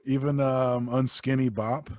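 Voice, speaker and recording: A man's voice: medium pitch, flat delivery, unhurried, a little mellow. A young man co-hosting a casual podcast, joking around and breaking into bits of song. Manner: jokey, breaks into sung snippets. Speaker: podcast co-host. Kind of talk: casual chat.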